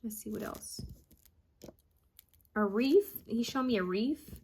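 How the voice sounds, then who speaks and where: A woman psychic medium reading out channeled messages, repeating each word she hears and pausing often with ums. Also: fairly high pitch, lively intonation, mellow, slight background noise. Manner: hesitant with frequent ums.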